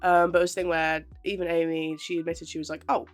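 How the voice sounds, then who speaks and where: A young woman talks casually to camera, chatty and self-deprecating. Her voice sits a little low, and faint music plays behind her. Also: flat delivery, fast. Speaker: aspiring actress vlogger.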